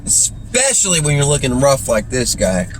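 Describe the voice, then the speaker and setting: A man's voice: mid-range voice, huge pitch swings, normal speed, slight background noise. A man telling stories in a casual, rambling way, full of slang like "dude" and "freaking". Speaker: streamer.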